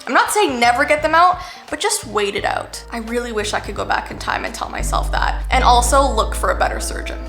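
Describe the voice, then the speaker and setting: A woman's voice: fairly high pitch, animated, fairly quick, hardly any pauses, reverberant, over music. A woman in her thirties answering viewer questions in a candid, chatty vlog, saying "like" a lot. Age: 30s. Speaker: YouTuber. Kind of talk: casual Q&A vlog.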